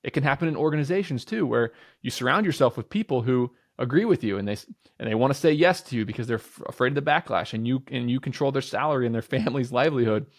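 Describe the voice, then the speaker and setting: Energetic man in his thirties, talking emphatically. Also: medium pitch, quick pace. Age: 30s. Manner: energetic and emphatic, repeats phrases and restarts; sometimes swears casually. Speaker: podcast guest, entrepreneur. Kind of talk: casual podcast conversation.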